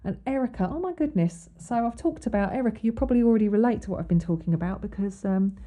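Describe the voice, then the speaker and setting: A woman's voice: mid-range voice, expressive, fast talker, dark tone. A woman hosting an astrology podcast, talking casually with many ums and restarts. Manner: chatty, many ums and restarts, reads quotes aloud. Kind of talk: casual explanatory monologue.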